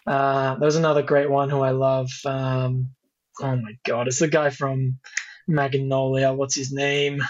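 A man's voice: medium pitch, monotone, a little slow, muffled recording. A man co-hosting a casual film podcast, recapping plots in an easygoing way. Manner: easygoing plot recaps with fillers. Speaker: podcast co-host. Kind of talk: casual chat.

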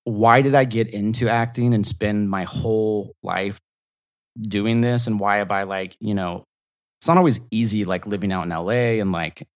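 A man's voice: on the low side, fairly even intonation, normal speed. A man from the American South, an actor chatting as a podcast guest, talking in loose, rambling sentences full of fillers. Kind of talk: casual interview chat.

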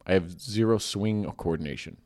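A man's voice: low-pitched, moderate pace. A young man co-hosting a casual comedy chat, joking and slipping into put-on voices. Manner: animated, jokey, breaks into put-on voices. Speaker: podcast co-host.

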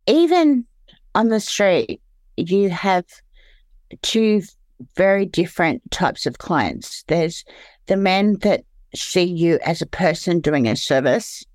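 An Australian woman telling her story candidly as an interview guest, halting and searching for words, often restarting. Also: fairly low pitch, darkish tone, dry recording.

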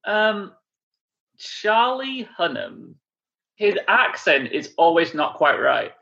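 A man joking wryly on a film podcast, his voice fairly high with a bright, forceful edge. A gravelly rasp runs through his voice. His mic sounds dull and lo-fi. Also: sing-song, slow pace. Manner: wry, joking. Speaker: podcast co-host. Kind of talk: casual film chat.

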